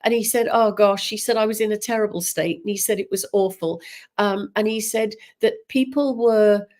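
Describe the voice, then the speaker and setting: A woman giving a live psychic reading, talking gently and haltingly with many ums and restarts. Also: medium pitch. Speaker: psychic medium. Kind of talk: live spiritual reading, unscripted.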